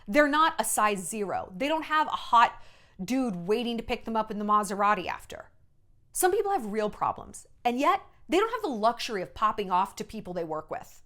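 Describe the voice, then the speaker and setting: A woman and former entertainment journalist giving a blunt, animated gossip monologue, often slipping into mocking voices. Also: fairly high pitch, a little fast. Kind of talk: casual celebrity gossip monologue.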